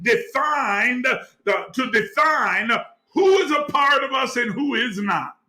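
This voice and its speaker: A man teaching on the spiritual life in a preaching cadence, repeating phrases and rising to shouts. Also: very high voice, lively intonation, slow.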